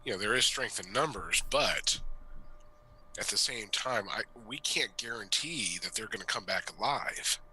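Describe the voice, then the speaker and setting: A man speaks in character at a tabletop game, earnest and measured as he lays out a plan. His voice is very bright and cutting, with a faint hiss behind it. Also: on the low side, lively intonation, poor audio. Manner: earnest in character, laughs easily. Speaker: player.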